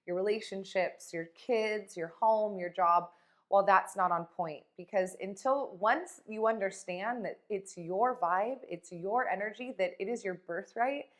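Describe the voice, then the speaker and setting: A woman coach talks straight to camera in a casual motivational vlog, blunt and full of swearing. Her voice sits at an ordinary middle pitch, and she hits her points with emphatic force. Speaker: life coach.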